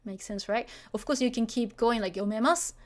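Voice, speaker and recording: Woman, Japanese teacher, slightly high voice, chatty, lots of fillers, checks in with learners. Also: brisk. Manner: chatty, full of fillers, asks for agreement. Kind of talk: beginner language lesson.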